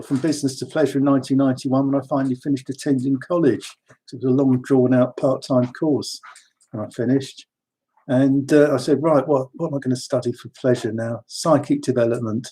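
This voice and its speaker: A man tells rambling personal stories with wry asides. His voice is mellow and soft-edged, a little husky. He speaks at a middling pitch. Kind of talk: casual personal storytelling.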